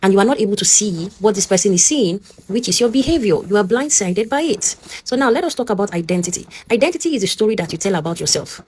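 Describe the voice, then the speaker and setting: Lively woman giving advice. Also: mid-range voice, fast, hardly any pauses, breathy edge. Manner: lively, teacherly, often asks "okay?" and acts out both sides. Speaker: advice talk host. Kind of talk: casual advice talk.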